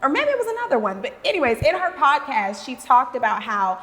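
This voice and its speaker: Woman, podcast host, casual chat, expressive, emphatic, higher voice, hall reverb. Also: a little fast.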